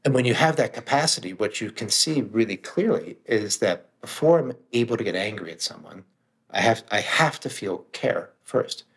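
A man's voice: lowish voice, expressive, moderate pace. A middle-aged man, a guest author and meditation teacher, talking emphatically and plainly in casual conversation, sometimes swearing for emphasis.

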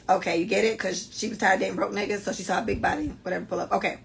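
A young woman hosting a podcast, chatting casually and reading listener stories in a brash, animated way. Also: medium pitch, rapid-fire, creaky, hardly any pauses. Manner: animated, brash storytelling with frequent cursing. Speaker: podcast host.

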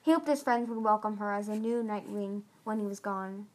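A woman's voice: medium pitch, moderate pace. A woman reading a novel chapter aloud, earnest, with occasional stumbles and restarts. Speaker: audiobook reader.

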